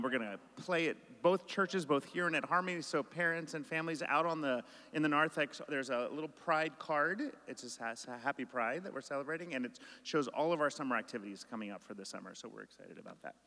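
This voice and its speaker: Gentle pastor talking to kids in church. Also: male voice, fairly high pitch. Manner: gentle, questioning, speaks to children. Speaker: pastor leading a children's message. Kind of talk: children's sermon. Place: church sanctuary. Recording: long reverb of a church hall.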